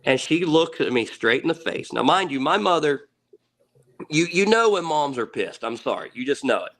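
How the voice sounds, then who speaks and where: A man's voice: fairly high pitch, sing-song, normal speed, a bit bright. Earnest, rambling man in his thirties. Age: 30s. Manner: earnest, repeats words, swears casually. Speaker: podcast guest, ATV racer. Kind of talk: casual storytelling.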